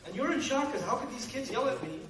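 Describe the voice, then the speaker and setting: A middle-aged man lectures a live audience in a big hall, his fairly high voice bouncing around a very echoey room. He pushes his points with rapid rhetorical questions and wry jokes. The sound is picked up from some way off, with a faint hiss underneath. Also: recorded from a distance. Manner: animated, rhetorical questions, joking asides. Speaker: Islamic lecturer.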